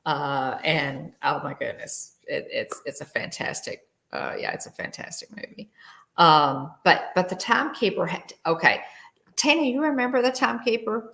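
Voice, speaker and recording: A woman's voice: low-pitched, creaky, fairly bright tone. A woman hosting a casual livestream, reading out trivia and greeting viewers by name. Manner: chatty, reads trivia aloud and greets viewers. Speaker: livestream host.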